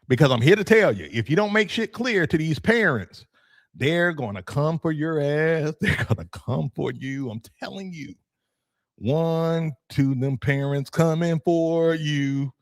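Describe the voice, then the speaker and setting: An animated man, a youth football coach who hosts a podcast, talks casually, joking and laughing often as he makes his points. His fairly high voice is loose and conversational, with plenty of casual swearing. He's in a room with his degree on the wall.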